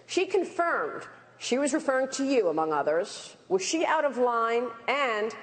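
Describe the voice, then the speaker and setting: A woman moderating a televised debate, putting pointed questions to a candidate in crisp phrasing. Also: a little high, very animated, unhurried, rough recording.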